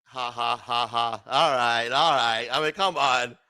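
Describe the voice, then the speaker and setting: A man's voice: mid-range voice, measured pace, pushed and bright, smooth. A man hosting a casual late-night livestream, chatty and joking, often laughing and swearing. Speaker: livestream host.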